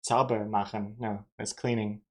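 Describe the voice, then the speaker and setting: A woman's voice: extremely low pitch, flat delivery, normal speed, a little mellow. A woman from Austria chatting casually on a live stream, playful and self-mocking, often laughing at herself.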